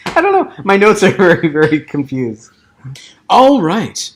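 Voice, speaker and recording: A man narrating a tabletop role-playing game as game master, halting and full of fillers as he checks his notes. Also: high-pitched, wildly swooping pitch.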